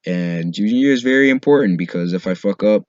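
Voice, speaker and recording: A man's voice: on the low side, expressive, fairly quick, a little mellow, dry recording, lo-fi sound. Rambling teenage guy telling a story. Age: teens. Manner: rambling, many fillers like "like" and "you know", casual swearing. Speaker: vlogger. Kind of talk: casual storytime monologue.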